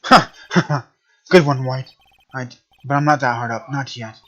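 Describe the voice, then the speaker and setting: A cold, arrogant prosecutor who talks down to everyone, as a man plays him. His tone stays cool and condescending, pitched a touch lower. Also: steady tone, measured pace, a bit bright, dull audio.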